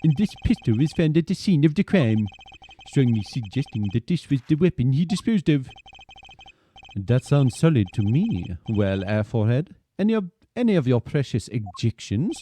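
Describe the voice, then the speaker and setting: A man's voice: mid-range voice, big pitch swings, moderate pace, dark tone, slight background noise, natural voice. A man reading a smug, suave male prosecutor's lines aloud, in a teasing, theatrical way.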